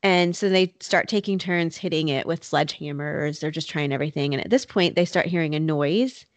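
Woman, low-pitched podcast host; casual true crime narration, filler-heavy, dry close mic. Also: fairly quick, no echo. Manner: conversational, many "like" and "you know" fillers. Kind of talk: casual storytelling chat. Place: North Carolina.

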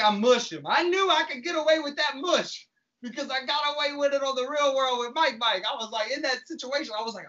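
A man's voice: high-pitched, a bit bright, dull audio. A man telling a story in casual, profane talk, acting out the lines he quotes. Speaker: podcast guest recounting reality TV.

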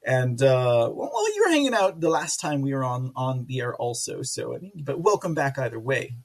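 A man's voice: mid-range voice, sing-song, normal speed, gravelly. A man hosting a casual livestream, rambling between topics and reading out viewers' names from the chat with playful sing-song repeats. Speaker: livestream host.

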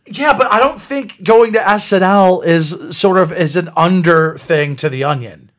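A man co-hosting a casual comedy podcast, hesitant and stammering, with deadpan muttered asides. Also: high-pitched, normal speed. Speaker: podcast co-host.

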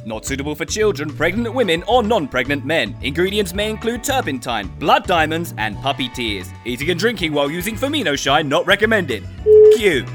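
A vain, boastful footballer pushes his tooth whitener in a mock foreign accent, as a man puts him on for a comedy podcast ad. The voice sits high and a little raised, hamming up every line with fake glamour. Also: big pitch swings, fairly quick, music in the background. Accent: vague mock foreign accent. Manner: over-the-top ad pitch, boastful. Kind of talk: comedy sketch parody ad.

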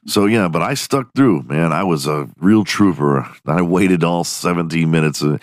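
A man's voice: deep voice, moderate pace, no echo, studio quality. A man hosting a podcast, giving crude comedic commentary, swearing freely and laughing often as he mocks a clip. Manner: profane, laughing often, mocking. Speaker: podcast host.

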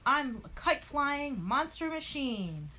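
A woman's voice: a little high, very animated, normal speed, fairly bright tone, breathy edge, pitched above the performer's own voice, full character voice. A woman reading aloud, voicing a brave, cheerful male monster truck hero in a storybook. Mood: eager. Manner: upbeat, eager storybook voice.

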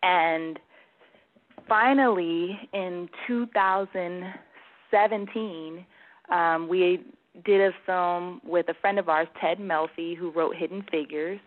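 A woman film producer, a guest on a talk show, telling a story in a steady, detailed way. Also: lowish voice, slow pace. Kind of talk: casual interview chat. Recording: tinny phone line.

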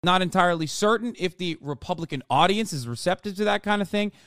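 A man's voice: high voice, fast talker, fairly bright tone, clear, resonant tone, no room sound, clean studio sound. A man hosting a livestream, giving profane, ranting political commentary with mocking asides. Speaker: livestream host.

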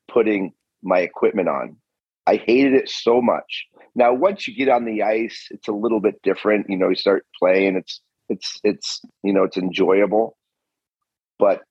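A man's voice: lowish voice, breathy edge, no echo, muffled recording. A man co-hosting a podcast in casual chat, telling stories in a laid-back way. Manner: laid-back storytelling, laughs often. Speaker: podcast co-host.

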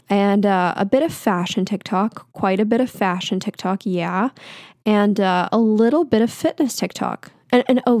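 A woman's voice: medium pitch, darkish tone, no echo, clean studio sound. A woman in her twenties talking into a mic in a candid, self-deprecating monologue that rambles with fillers. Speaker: vlogger. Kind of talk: casual confessional monologue.

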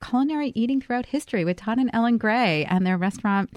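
A woman's voice: fairly high pitch, lively intonation, fast talker, no room sound. Chatty female co-host, dry sound. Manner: chatty, laughing often. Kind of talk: radio food talk show.

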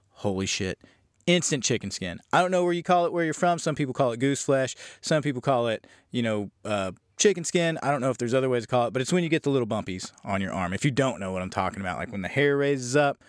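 In a dry, clean studio recording, a mid-range male voice tells the story of a horror film for his podcast. The Southern Louisiana host rambles, curses, and narrates with animated energy in a casual spoken recap.

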